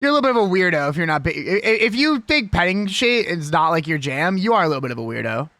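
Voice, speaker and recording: Streamer, casual live chat, jokey and combative, animated delivery, dry sound. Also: medium pitch, fast, no room sound. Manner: ranting, swearing, argumentative; rambling, jokey.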